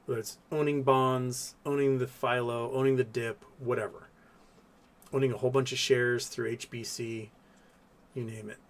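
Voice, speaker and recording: A man's voice: medium pitch, little pitch movement, normal speed. A man, hosting a casual livestream, rambling through viewer questions with many fillers. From Texas. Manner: rambling, thinks aloud with fillers, coos softly to his cat. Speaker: livestream host reading super chats.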